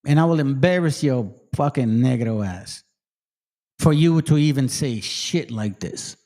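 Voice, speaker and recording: Man, channel host, angry profane rant, Spanish slang mixed in, lively swinging voice. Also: mid-range voice, unhurried. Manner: heated, swearing, code-switching into Spanish slang. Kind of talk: profane casual rant to viewers.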